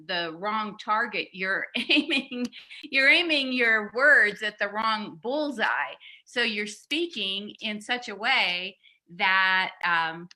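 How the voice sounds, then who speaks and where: A woman's voice: mid-range voice, pushed and bright. A woman leading a communication workshop, explaining in a teaching tone with small restarts and light laughs. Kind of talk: teaching seminar talk.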